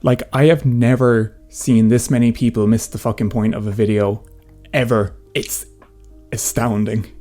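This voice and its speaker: 19 yo guy ranting, sarcastic and sweary, mid pitch, soft music behind. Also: little pitch movement, unhurried. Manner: sarcastic, profane, casual. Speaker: commentary YouTuber. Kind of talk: ranting commentary.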